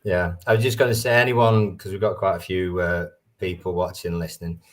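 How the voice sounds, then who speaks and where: A man hosting a casual podcast chat, putting questions to his guest in a friendly, relaxed way. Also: low-pitched, brisk, far from the mic. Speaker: podcast host.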